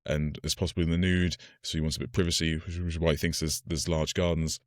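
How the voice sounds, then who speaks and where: A man's voice: extremely low pitch, little pitch movement, quick pace, dry recording, studio quality. A man co-hosting a casual film podcast, recapping the plot loosely with lots of "like" and fillers. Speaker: podcast co-host.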